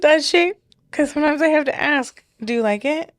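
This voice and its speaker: A woman's voice: sits high, normal speed, no echo, studio quality. A woman co-hosting a casual couple podcast, telling stories with lots of giggles and fillers. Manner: giggly, animated storytelling with many fillers. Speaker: podcast co-host.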